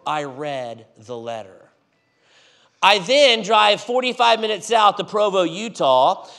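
A man preaching in a church, telling a story with animated swings between loud and hushed delivery. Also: high-pitched, takes it slowly. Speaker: guest preacher. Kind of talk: storytelling sermon.

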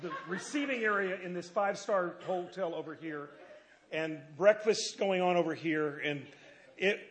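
A man's voice: high voice, normal speed, poor audio. A man chiming into his wife's church testimony with jokey asides, laughing as he talks. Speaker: co-speaker, the storyteller's husband.

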